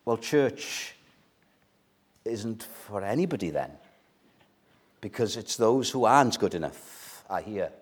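An older man from Wales preaching a sermon, emphatic, with dramatic pauses and sudden soft drops. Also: on the low side, sing-song, slightly rough.

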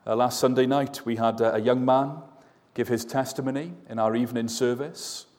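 A man preaching an evening sermon, slow and earnest, often asking his listeners questions. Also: mid-range voice, steady tone, darkish tone. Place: church. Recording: long church reverb, voice at a distance.

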